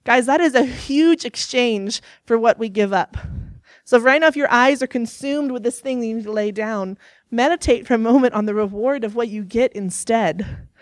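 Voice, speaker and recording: Young woman preacher, earnest storyteller, slightly high voice, dry close recording. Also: moderate pace, no room sound. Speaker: youth speaker. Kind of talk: sermon.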